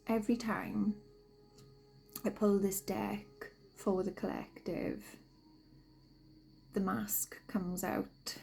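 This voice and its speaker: A woman giving gentle spiritual guidance, slow and often half-whispered, sniffly from a cold. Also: medium pitch, steady tone, gravelly, faint music behind, rough recording. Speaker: spiritual card reader. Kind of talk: soft-spoken spiritual guidance.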